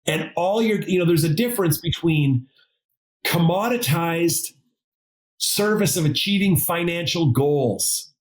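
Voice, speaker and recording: A man's voice: fairly high pitch, a little slow, low-quality recording. A man being interviewed as a guest, telling stories casually and acting out dialogue with jokey asides. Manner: animated, acts out dialogue in quotes, jokey asides. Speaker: podcast guest, advisor consultant.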